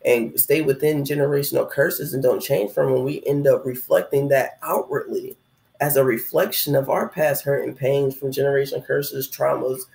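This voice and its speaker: Man, 30s, spiritual vlogger, gravelly and a touch high, rambling reflective chat, echoey room. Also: fairly even intonation, normal speed, darkish tone. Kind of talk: casual spiritual talk.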